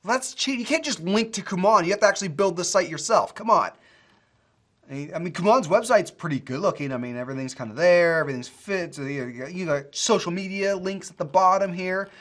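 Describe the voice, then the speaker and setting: A coding school instructor who reviews student projects in a casual screen-share video, excitable and gushing, rambling with restarts. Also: mid-range voice, fairly quick.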